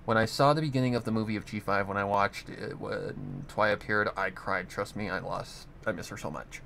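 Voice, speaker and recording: A man's voice: on the low side, steady tone, a little fast, gravelly, fairly bright tone, slight background noise. Rambling man chatting from his room. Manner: meandering, self-correcting, chuckling often. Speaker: fan audiobook reader and voice actor. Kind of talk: rambling casual chat on camera. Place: home room with guitars and a keyboard.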